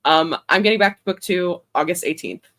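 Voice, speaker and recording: A woman's voice: on the low side, fairly quick, fairly bright tone. A young woman hosting a casual chat stream, rambling in a chatty way and laughing often. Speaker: author and livestream host.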